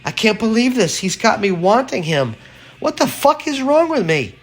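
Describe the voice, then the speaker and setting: A man reading aloud, voicing a frightened young woman in a high squealing falsetto. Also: sing-song, moderate pace, exaggerated voice. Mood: frantic.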